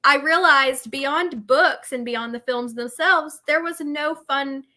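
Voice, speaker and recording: A woman's voice: high voice, takes it slowly, pushed and bright. A woman guest entrepreneur in a casual interview, giggly and full of fillers.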